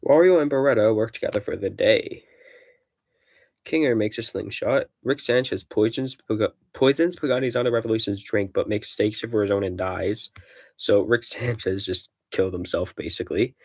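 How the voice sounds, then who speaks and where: A man's voice: on the low side, moderate pace, darkish tone. A man streaming casually, out of breath, reading game events aloud with rambling, jokey asides.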